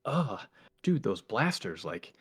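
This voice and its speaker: A laid-back young human, as a man puts him on, speaks low and unbothered. His casual drawl makes everything sound like no big deal. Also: sing-song, slow pace, breathy edge, exaggerated voice. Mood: nonchalant.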